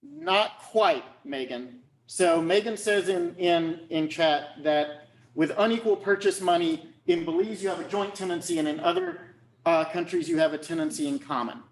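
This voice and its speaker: A man's voice: high voice, moderate pace, echoey room. A man lecturing on law, explaining step by step and often checking whether students follow. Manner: checks understanding often, repeats phrases.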